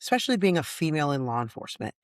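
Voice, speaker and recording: A woman, a retired deputy hosting a podcast, telling on-the-job stories in a steady, matter-of-fact way. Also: sits low, racing, no room sound, studio quality. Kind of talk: casual storytelling chat.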